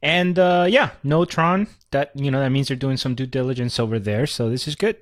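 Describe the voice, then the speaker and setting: A man's voice: medium pitch, normal speed, dry recording, clean studio sound. A man co-hosting a casual podcast, with wry, teasing remarks. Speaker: podcast co-host. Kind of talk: casual chat.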